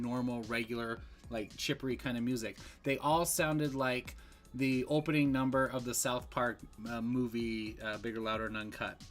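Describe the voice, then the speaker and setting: A man giving a casual, rambling movie review, full of fillers and restarts. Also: medium pitch.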